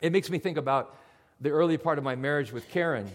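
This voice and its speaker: A man preaching a sermon as pastor, in an animated, conversational storytelling way. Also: on the high side, quick pace.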